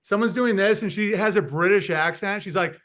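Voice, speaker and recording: A man talking casually as a podcast guest, rambling and animated, often breaking into mocking impressions and laughing at his own jokes. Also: high-pitched, moderate pace. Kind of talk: casual chat.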